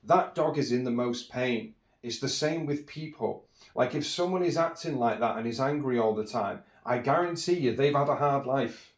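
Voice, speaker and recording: A man's voice: mid-range voice, moderate pace. A man talking in a casual, reflective monologue as a podcast host, earnest and rambling, often restarting and saying "you know".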